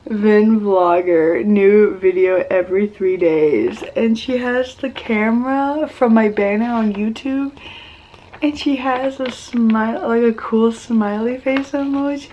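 A woman's voice: fairly high pitch, slow pace, warm tone, lo-fi sound. A young woman talks into her home camera, sick and close to crying. She gushes and keeps saying "oh my gosh." Faint hiss sits under the recording. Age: young adult. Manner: gushing, emotional, says "oh my gosh" often. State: sick and weak, near tears. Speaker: vlogger. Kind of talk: casual vlog to camera.

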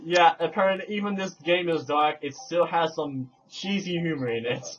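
A man's voice: a little high, normal speed, a bit bright. A young man giving casual, giggly commentary while playing a video game. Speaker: let's play commentator. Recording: dull lo-fi home recording with faint hum.

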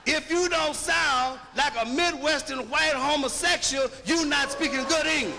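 A man's voice: very high voice, moderate pace, vocal fry, bright, forceful tone, big-room sound, faint music behind. An American man giving an emphatic public lecture, firing rhetorical questions and spelling words out letter by letter.

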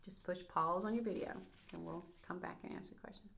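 A woman's voice: on the low side, brisk, gravelly, slight background noise. Encouraging woman teaching young children. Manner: bright, encouraging, praising teacher voice. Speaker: first grade teacher. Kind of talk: recorded video lesson for young children.

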